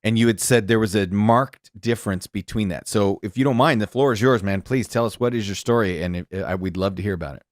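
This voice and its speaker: A man hosting a podcast, chatting and asking his guest questions in a relaxed way. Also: fairly low pitch, quick pace, few pauses, dry recording, clean studio sound. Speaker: podcast host. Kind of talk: casual podcast chat. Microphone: podcast studio mic.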